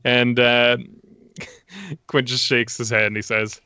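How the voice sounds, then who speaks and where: A man's voice: mid-range voice, slow pace, sharp tone, smooth, dry recording. A man playing a tabletop game, easygoing as he narrates his character's actions. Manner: easygoing, describes actions with frequent fillers. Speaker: player.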